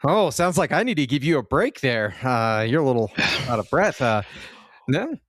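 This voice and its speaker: A man's voice: medium pitch, big pitch swings, moderate pace, no echo, studio quality. A man co-hosting a casual video game podcast, laid-back and joking, with some swearing. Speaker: podcast co-host.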